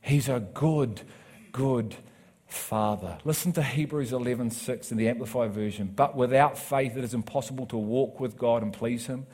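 A man's voice: mid-range voice, moderate pace. New man preaching a story. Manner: animated storytelling with acted quotes, rising to loud emphatic preaching. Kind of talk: sermon storytelling.

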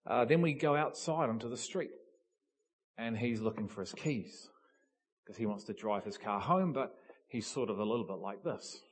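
A man preaching a sermon, telling a story with animated build-ups and emphatic peaks. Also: mid-range voice, normal speed, husky. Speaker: pastor.

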